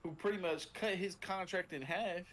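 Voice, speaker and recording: A man's voice: sits high, normal speed, fairly bright tone. A man co-hosting a sports podcast, talking casually with many restarts and fillers, sometimes swearing. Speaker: podcast co-host.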